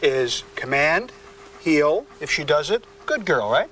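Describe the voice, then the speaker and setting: A man leads a hands-on dog training session, coaching in firm, clipped commands. His voice sits a little high. He is picked up from some distance outdoors, with faint traffic and ambience behind him. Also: very animated, takes it slowly, pushed and bright.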